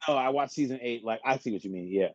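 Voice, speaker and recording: A man co-hosting a podcast, telling animated stories in casual, profane chat. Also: mid-range voice, fast talker, no room sound, muffled recording. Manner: animated storytelling with laughs and profanity. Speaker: podcast co-host.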